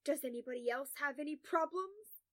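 A woman's voice: sits high, animated, moderate pace. A woman voicing a volatile, menacing man who speaks with a growl and an irritable, gloating edge.

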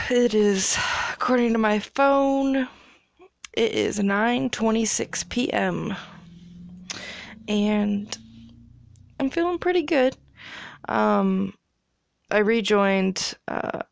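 A young woman hosting her own podcast, rambling about her life in a relaxed, profane way with lots of fillers. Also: mid-range voice, gravelly, no room sound, studio quality. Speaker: podcast host. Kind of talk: casual solo chat.

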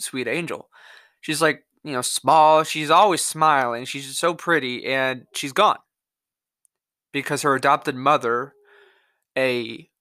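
A man's voice: medium pitch, bright, forceful tone, dry recording, studio quality. A man hosting his own podcast, delivering an angry, profane, rambling solo rant. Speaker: podcast host.

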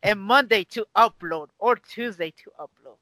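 A podcast host chatting casually in an excitable, teasing way. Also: mid-range voice, normal speed, no room sound, rough recording. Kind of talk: casual chat.

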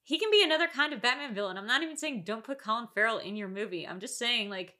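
A woman's voice: on the high side, animated, fast, bright, forceful tone. Chatty opinionated woman. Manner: opinionated, chatty, lots of "like" fillers. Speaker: podcast co-host. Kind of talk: casual chat.

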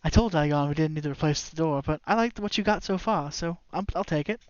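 A man's voice: a little high, quick pace, a little hiss or hum, close to an everyday voice. A man voicing a dry, wry male guild master made of earth and stone, sizing people up. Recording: slightly dull dry audio.

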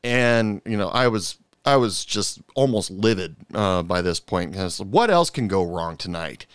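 A middle-aged man with a fairly low, smooth voice tells bar stories in a loose, rambling way, full of "uh" and "you know." He gets animated and pushes his voice higher when irritated. He is recorded close on a podcast mic in a dry space. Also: a little slow, dry recording. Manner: animated storyteller, rises sharply when annoyed, frequent fillers. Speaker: podcast host, bartender. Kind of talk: casual storytelling monologue.

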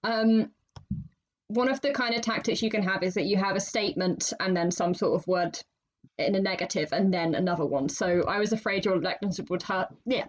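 A woman's voice: mid-range voice, fairly quick, highs cut off. A woman hosting a writing podcast in casual chat, chatty and laughing often. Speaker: podcast host.

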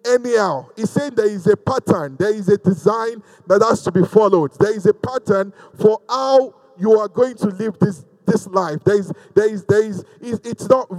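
A man's voice: sits high, normal speed, hardly any pauses, a little mellow, in a large hall, rough recording. A middle-aged man preaching a sermon, reading scripture and calling on the congregation to respond. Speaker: pastor.

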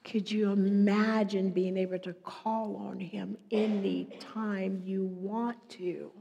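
A middle-aged woman preaching a sermon, moving between hushed whispers and loud, emphatic passages. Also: medium pitch, little pitch movement, slow pace, gravelly, a little hiss or hum. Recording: long echoey hall reverb.

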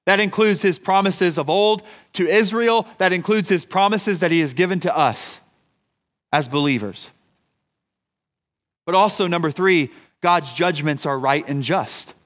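Slow-preaching high-voiced pastor. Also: male voice, fairly bright tone. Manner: slow deliberate preaching with rhetorical questions. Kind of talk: sermon. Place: church.

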